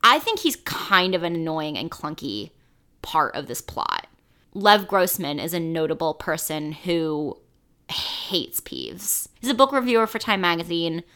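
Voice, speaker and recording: A woman's voice: on the low side, very animated, measured pace, sharp tone, smooth. A woman co-hosting a podcast in casual chat, blunt and opinionated, swearing freely. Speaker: podcast co-host.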